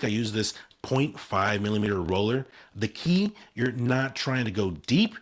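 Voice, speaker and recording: A man's voice: mid-range voice, a bit bright, husky. A man in his forties talking to camera in an upbeat, punchy promotional style, selling his own hair routine in short emphatic phrases. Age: 40s. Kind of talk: scripted promotional talk to camera.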